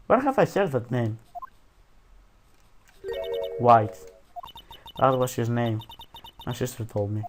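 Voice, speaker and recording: A man's voice: mid-range voice, sing-song, slow pace, long pauses, noisy background. A man reading a courtroom video game's dialogue aloud, casual and self-mocking, peppering it with "dude" and "like". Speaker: let's play commentator. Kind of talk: reading game dialogue aloud with jokey asides.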